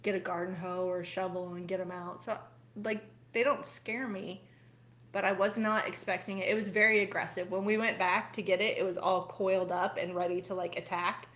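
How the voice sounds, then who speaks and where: A woman co-hosting a casual podcast, telling an animated story with frequent laughs. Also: fairly low pitch, fairly quick. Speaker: podcast co-host. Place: farm household.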